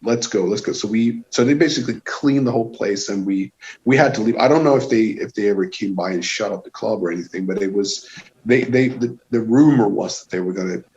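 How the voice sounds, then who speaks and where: A man from Sweden with a Swedish accent, a guest telling a lively anecdote in casual chat and swearing freely. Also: fairly low pitch, fairly quick. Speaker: guest musician. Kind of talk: casual storytelling. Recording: dull lo-fi sound.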